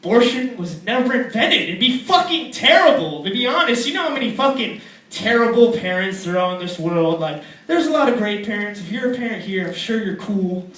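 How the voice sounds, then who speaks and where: A young man in his twenties doing a crude, rambling stand-up routine in a comedy club, often slipping into squeaky put-on voices. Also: sing-song, brisk. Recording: echoey club with loud crowd, distant mic.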